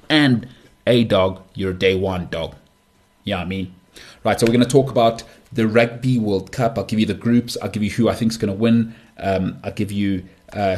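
Brief: South African male podcast host, 30s, husky low voice, loose joking monologue. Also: darkish tone. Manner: joking, rambling, full of asides and restarts. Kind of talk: casual solo podcast monologue.

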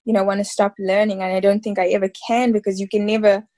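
A woman's voice: medium pitch, level tone, quick pace, warm tone. A woman in her thirties from South Africa, an actress talking casually in an interview, rambling and full of fillers. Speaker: actress guest.

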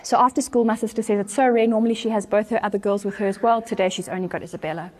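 A woman pastor, telling a story in an animated way during a sermon. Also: mid-range voice, very fast, a little hiss or hum. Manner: animated storyteller, acts out voices with laughter. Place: church.

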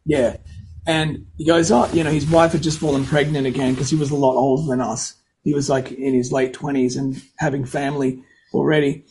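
A man's voice: mid-range voice, little pitch movement, brisk, a little mellow, a little hiss or hum, low-quality recording. A middle-aged man and singer-songwriter telling rambling anecdotes in a casual interview, often correcting himself and acting out quoted dialogue. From United States.

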